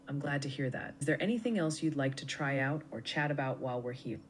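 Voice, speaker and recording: Brief: mid-pitched synthetic assistant, friendly and helpful, faint noise behind. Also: fast talker. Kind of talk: conversational AI assistant replies.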